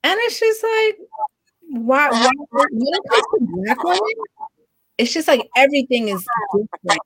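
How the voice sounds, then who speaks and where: A woman's voice: sits high, big pitch swings, normal speed, fairly bright tone, slightly rough, dry recording, low-quality recording. A woman in a group discussion, speaking frankly and emphatically and mixing in quoted asides. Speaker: discussion participant.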